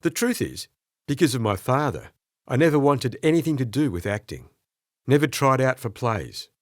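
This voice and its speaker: A man narrating an audiobook in the first person, expressive and storytelling. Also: mid-range voice, normal speed, dry recording, studio quality. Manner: expressive storytelling with character voices.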